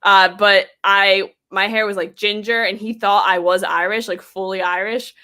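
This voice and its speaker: Bright, chatty woman podcast co-host. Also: medium pitch, fairly even intonation, normal speed, smooth. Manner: chatty and upbeat, with many "like" fillers. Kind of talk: casual podcast chat.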